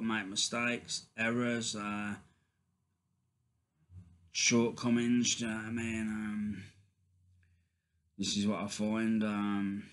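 A man talking casually to his viewers in a faith vlog, halting, with many ums and restarts. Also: mid-range voice, fairly bright tone. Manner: addresses viewers as guys. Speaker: vlogger.

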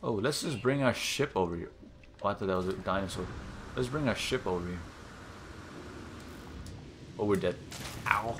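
Exploring in his let's-play, the young gaming channel host gasps and exclaims a lot, chatting casually about his gameplay. He speaks at a normal speed in a fairly low voice, often pausing, over a little hiss or hum.

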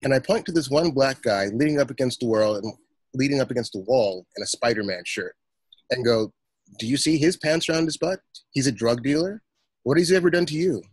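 A man's voice: medium pitch, brisk, darkish tone, husky, dry recording, close to an everyday voice. A man reading aloud as an exasperated young male driving-school worker, telling an indignant story and quoting the people in it.

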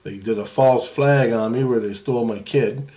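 A man's voice: mid-range voice, moderate pace, warm tone. A man casually telling about a dream in a rambling way, swearing and restarting his sentences often. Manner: rambling, profane, with many restarts.

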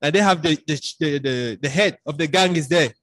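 High-voiced Cameroonian man telling a dramatic story. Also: brisk, a bit bright, no room sound. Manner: dramatic storyteller, acts out his own past dialogue. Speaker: podcast guest. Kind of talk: storytelling in casual conversation.

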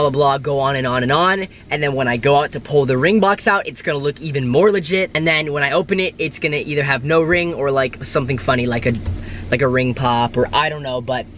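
A young man vlogging to a handheld camera, excited and rambling with lots of filler words, moving between a car, shops and a holiday room. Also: mid-range voice, a little hiss or hum. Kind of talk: casual vlog to camera.

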